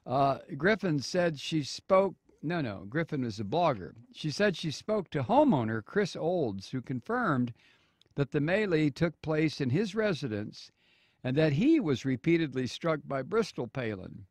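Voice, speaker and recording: A man hosting political talk radio, reading a news story slowly with many fillers and sarcastic asides. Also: a little high, sing-song, a little mellow, dry recording, studio quality. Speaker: radio talk show host.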